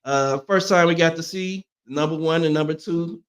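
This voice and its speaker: A man's voice: fairly high pitch, moderate pace, fairly bright tone. A man co-hosting a sports talk show in casual chat, easygoing and agreeable, chiming in to back up his partner. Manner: easygoing, agreeable, chimes in with backing remarks.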